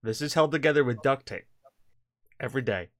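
An American man hosting a casual gaming podcast at a middle pitch. He rambles in an animated way, swearing freely and drifting into joke voices. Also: a little fast, no room sound. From United States. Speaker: podcast host. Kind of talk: casual chat.

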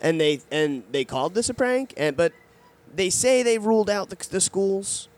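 A man's voice: high voice, expressive, normal speed, darkish tone. A man in casual podcast chat, reading out a news story with laughs and asides. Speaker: podcast co-host.

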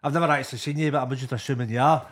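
A man's voice: mid-range voice, steady tone. A Scottish man hosting a podcast, chatting casually and joking with a friend. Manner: chatty, quick, jokey. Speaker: podcast host and comedian. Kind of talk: casual chat.

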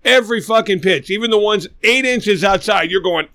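A man's voice: sits high, normal speed, sharp tone. A man co-hosting a podcast, ranting angrily and swearing constantly in casual chat. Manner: angry, profane ranting. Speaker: podcast co-host.

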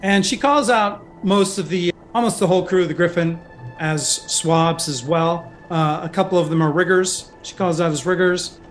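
A man's voice: high voice, moderate pace, faint music behind. A man narrating as game master, rambling with many fillers.

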